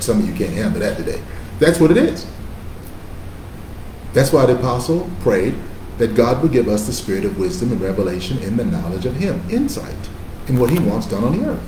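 Casting note: male preacher, mid pitch, call-and-response delivery, roomy echo and faint room noise. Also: dark tone. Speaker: pastor. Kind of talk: sermon.

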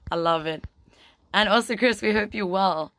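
A woman's voice: mid-range voice, normal speed, fairly bright tone, no echo. A young woman from a band chatting casually on a livestream, reading viewer comments, swearing freely and calling everyone "man". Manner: laid-back, swears a lot, says "man" often. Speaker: band member hosting a livestream.

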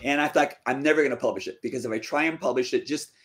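Male author, guest interview, conversational storytelling, mid-pitched voice with lively quoted asides. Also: very fast. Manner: lively, acts out quoted dialogue with pitch jumps. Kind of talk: casual storytelling.

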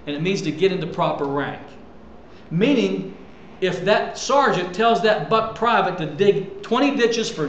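Pastor, male, higher-pitched voice, emphatic conversational sermon delivery, reverberant church room. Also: fairly bright tone, a little hiss or hum. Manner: emphatic, conversational preaching with rhetorical questions. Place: church sanctuary.

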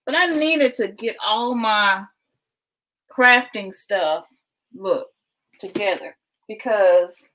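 Woman, casual livestream host, chatty and laughing, ordinary middle pitch. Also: animated, takes it slowly, long pauses, fairly bright tone, rough recording. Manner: chatty, keeps addressing viewers as y'all; laughs often, talks while packing. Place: at home indoors.

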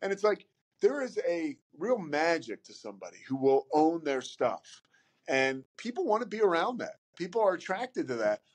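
A man talking casually as a podcast guest, animated and rambling, often repeating words as he starts a thought. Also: fairly high pitch, moderate pace, husky. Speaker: podcast guest, sports broadcaster. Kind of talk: casual conversation.

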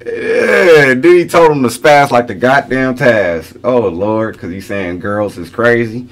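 A man's voice: on the low side, measured pace, soft background music. A middle-aged man hosting a reaction video, talking casually, repeating lines back to himself and chuckling as he muses over them.

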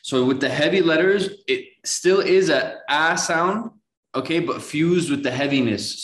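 A man teaching Quran reading one-on-one, patiently correcting pronunciation and slowly modeling each sound. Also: mid-range voice, a bit bright, echoey room.

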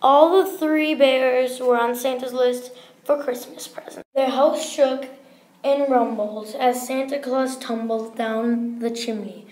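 A woman reads a children's story aloud with care. Her voice is high and her pace is slow. The sound is roomy. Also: fairly even intonation, a little mellow. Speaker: storybook reader. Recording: roomy echo.

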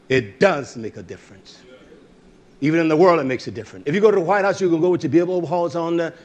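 A male preacher giving a fiery, blunt sermon, swinging from shouts to low asides.

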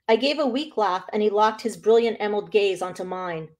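Woman author reading her novel aloud; expressive first-person delivery. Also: mid-range voice, a little fast.

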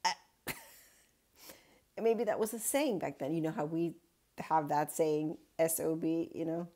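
A woman's voice: deep voice, measured pace, mellow. A woman pastor giving a casual daily Bible reflection, retelling the story in a chatty way with wry asides.

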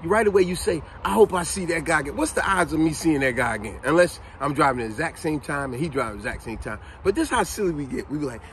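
Animated man telling a lively story. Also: on the high side, a little fast, slight background noise. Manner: lively, acts out quotes, laughs at himself.

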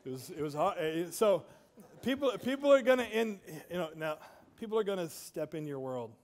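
A man's voice: sits high, sing-song, normal speed, big-room sound. A man preaching a sermon in a church, conversational, with asides to the congregation. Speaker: pastor. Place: church sanctuary.

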